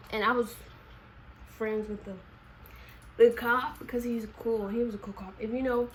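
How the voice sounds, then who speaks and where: A woman's voice: on the high side, a bit bright, slight background noise, poor audio. Slangy woman telling a storytime. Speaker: vlogger. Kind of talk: casual storytime.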